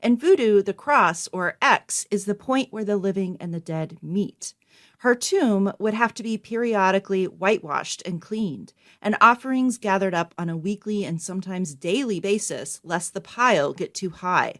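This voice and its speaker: Woman co-host, clear measured history narration, mid pitch. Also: lively intonation. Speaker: podcast co-host.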